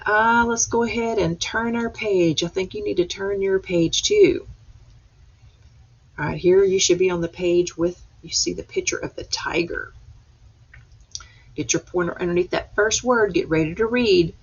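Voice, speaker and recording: A woman teacher leading a reading lesson for young children, patient and reading slowly word by word. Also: lowish voice, creaky, slightly rough, highs cut off.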